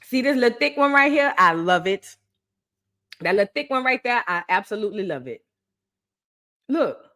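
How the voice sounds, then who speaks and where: An excitable young woman talks straight to her stream's chat and repeats her favorite phrases for emphasis. Her voice sits a little high, and her delivery is emphatic and animated. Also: moderate pace, long pauses. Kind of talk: casual live-stream chat.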